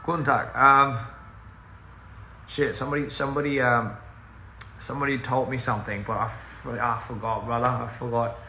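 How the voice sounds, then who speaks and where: Speaking casually on a livestream, a touring musician with a gravelly, bright voice wanders off topic and laughs at himself, leaving long pauses. His medium pitch barely moves and his pace is normal, captured on a phone inside a roomy, echoey house with a faint hiss.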